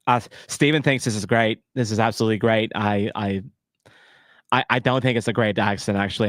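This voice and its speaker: A man's voice: lowish voice, steady tone, a little fast, no room sound, studio quality. A man in his thirties hosting a casual live watch-along stream, chatty and self-deprecating, rambling between topics.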